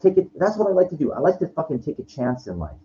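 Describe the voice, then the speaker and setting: A man's voice: a little high, sing-song, fast, dark tone. A man in his forties ranting profanely into his own vlog, rambling with many restarts and frustrated asides. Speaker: vlogger. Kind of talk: frustrated personal rant to camera. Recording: lo-fi with faint background noise.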